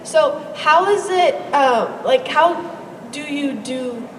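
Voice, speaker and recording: A woman, a fan, nervously asking a question at a convention with many pauses and fillers. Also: high-pitched, animated, slight background noise. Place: large convention hall. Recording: echoey hall, from a distance.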